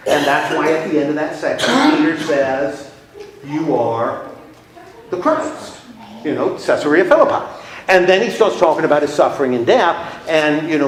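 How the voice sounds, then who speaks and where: High-voiced man teaching a Bible class. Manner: asks the class questions, then answers them. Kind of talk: Bible study lesson with class questions. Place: room with a small class. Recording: echoey room with faint noise.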